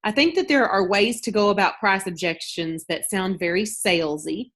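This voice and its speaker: A woman's voice: medium pitch, normal speed, a bit bright. A woman who hosts a sales team's video call and talks in a loose, storytelling way, full of restarts and filler words. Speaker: team leader hosting a sales call. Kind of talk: casual talk on a group video call.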